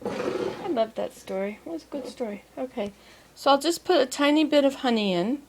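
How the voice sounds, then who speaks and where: A woman's voice: high voice, lively intonation, moderate pace, background noise. A woman vlogging casually from home and garden, chatting in a meandering way to the camera and to herself. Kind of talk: casual rambling vlog.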